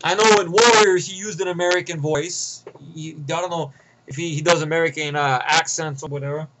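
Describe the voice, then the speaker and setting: A young man rambles through a profane, sarcastic movie review, loose and off the cuff. His voice sits high and bright, and a faint hiss runs under the recording. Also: steady tone, a little fast, poor audio. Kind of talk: casual rant review.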